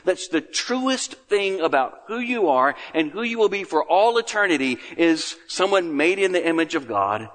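A man preaching a sermon as pastor, earnest, lifting his voice for emphasis and then dropping to a hush. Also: a little high, sing-song, normal speed, few pauses. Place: church sanctuary. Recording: long reverb of a large room.

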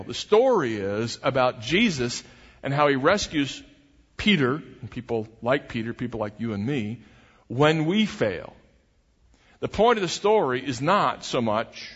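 A man's voice: medium pitch, fairly bright tone. A man preaching a sermon as pastor, earnest and emphatic, often restarting his phrases. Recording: dull recording with long hall reverb.

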